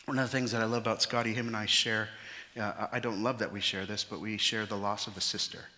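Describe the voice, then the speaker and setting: Animated pastor preaching in a reverberant church. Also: male voice, fairly low pitch, fast. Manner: animated, acts out the disciples' panicked voices. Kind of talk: sermon. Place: church sanctuary. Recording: church hall with long reverb.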